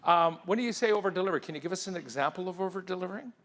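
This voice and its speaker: A man giving an interactive talk at a conference, firing questions at the audience in an energetic, persuasive way. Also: sits high, very fast. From England. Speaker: keynote speaker. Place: conference hall.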